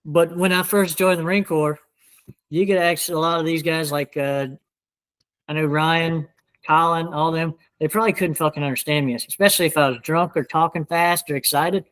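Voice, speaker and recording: A man's voice: on the high side, fairly even intonation, moderate pace, a bit bright, clean tone, rough recording. A young man from South Louisiana with a twangy Southern accent, a podcast guest who rambles casually and swears a lot. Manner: rambling, profane, full of fillers. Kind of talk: casual chat.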